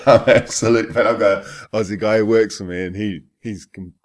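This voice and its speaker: A man's voice: on the low side, fairly even intonation, brisk. A man with a New Zealand accent hosting a casual, chatty and jokey interview. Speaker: host.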